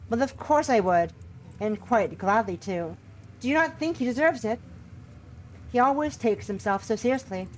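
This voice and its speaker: A woman's voice: on the high side, lively intonation, normal speed, darkish tone, slight background noise, voice pushed up, close to an everyday voice. A woman voicing Elizabeth, a devoted young woman who speaks in an earnest, old-fashioned formal way in a visual novel. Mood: teasing, tender.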